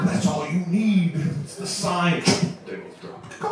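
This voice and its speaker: Animated young man doing stand-up in a roomy club. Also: on the high side, moderate pace, few pauses, crowd noise. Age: 20s. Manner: animated, chuckles through his own jokes. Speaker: stand-up comedian. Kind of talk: stand-up comedy set. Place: comedy club stage. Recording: echoey club, distant mic, audience.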